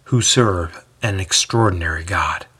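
A man voicing a wounded male apostle in a storybook telling, speaking softly and weakly in measured phrases. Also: sits low, slightly rough, exaggerated voice. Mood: gentle. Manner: soft, weak, measured. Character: wounded, weary male apostle, calm and gentle.

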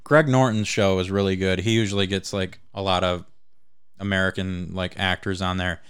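Male co-host, low smooth voice, blunt and foul-mouthed. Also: level tone, moderate pace, fairly bright tone. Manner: blunt, swears often. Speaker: podcast co-host. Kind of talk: casual profane chat.

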